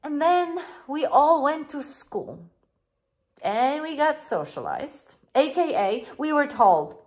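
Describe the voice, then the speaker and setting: A woman's voice: high voice, sing-song, takes it slowly. A woman life coach, speaking English as a second language, giving an earnest, encouraging motivational talk straight to her viewers. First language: not English. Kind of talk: motivational monologue to camera.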